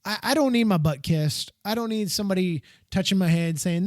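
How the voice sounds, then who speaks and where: An American man hosting a solo podcast, talking in a rambling, heartfelt way and jumping up in pitch when he gets excited. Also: a little fast, hardly any pauses, no room sound, studio quality. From United States. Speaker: podcast host.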